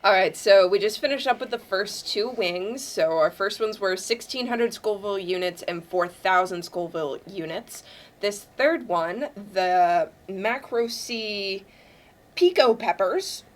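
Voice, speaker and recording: A woman's voice: medium pitch, animated, measured pace. A young woman hosting a casual interview, teasing her guest and laughing often. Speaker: host, student interviewer.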